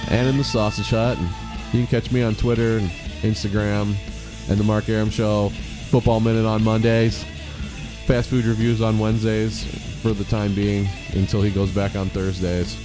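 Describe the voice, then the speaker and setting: A man's voice: fairly low pitch, level tone, normal speed, over music. A man co-hosting a casual comedy podcast, wry in his banter and wrapping up with show plugs. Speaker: podcast co-host.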